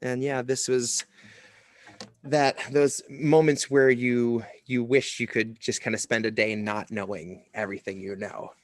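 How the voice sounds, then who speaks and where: A man's voice: mid-range voice, steady tone, measured pace, no room sound. A man, a musician and podcast guest, chatting casually and agreeing with short yeps. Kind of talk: casual chat.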